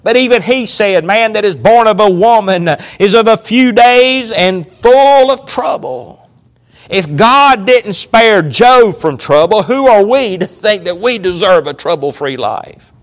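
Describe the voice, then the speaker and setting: High-voiced man preaching a sermon. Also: expressive. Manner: preaching with emphatic slowed lines and sudden drops to near whispers.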